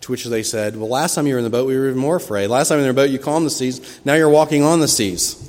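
A man's voice: medium pitch, fast. Man preaching in a reverberant church. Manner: expressive storytelling, acting out quoted cries with sudden loud rises. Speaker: pastor. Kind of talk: sermon. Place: church sanctuary. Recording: long hall reverb from a church.

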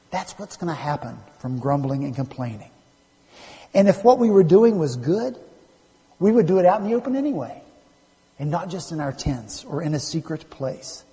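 A man preaching a sermon as a pastor, swinging between emphatic, raised lines and quiet, low asides. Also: long reverb tail. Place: church sanctuary.

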